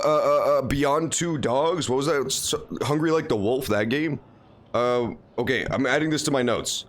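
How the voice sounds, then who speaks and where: A man streaming a game, giving casual, joking and profane commentary. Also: medium pitch. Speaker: gameplay streamer. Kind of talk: casual live gameplay commentary.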